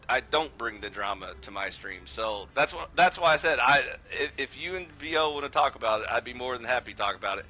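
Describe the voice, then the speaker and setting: Sharp-voiced, profane, sarcastic male streamer. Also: medium pitch, lo-fi sound. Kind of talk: casual live-stream chat over gameplay.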